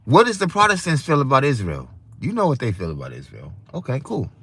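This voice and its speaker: A man's voice: mid-range voice, huge pitch swings, fairly quick, a bit bright, slightly rough, dry recording. A man hosting a livestream, talking in a preachy, rambling way and often speaking to his chat. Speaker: livestream host. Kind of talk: casual livestream rant.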